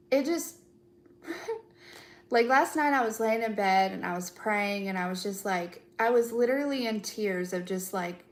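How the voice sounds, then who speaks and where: A young woman giving a spiritual reading in a loose, chatty way, trailing off with fillers and breaking into giggles. Her pitch sits in an ordinary middle range, and she drops in the odd curse word without slowing down. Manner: chatty, giggly, swears casually, many fillers. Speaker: tarot reader. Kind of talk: casual spiritual live chat.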